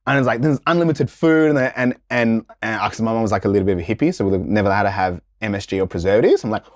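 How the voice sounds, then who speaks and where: A man, a guest in a casual interview, telling stories in a slangy, animated way and acting out the voices of people in them. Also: mid-range voice, very fast, hardly any pauses, no room sound, clean studio sound.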